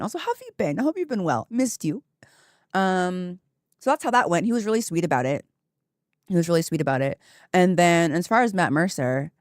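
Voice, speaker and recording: A woman streamer chatting casually with her viewers, telling a story with lively asides and laughter. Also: sits low, no echo, studio quality.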